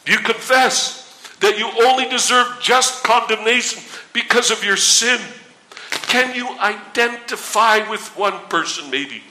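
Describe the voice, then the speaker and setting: A man preaching a sermon in an earnest, pleading way, asking the listener direct questions and slowing to a solemn pace for scripture. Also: high voice, bright, forceful tone, echoey room, poor audio.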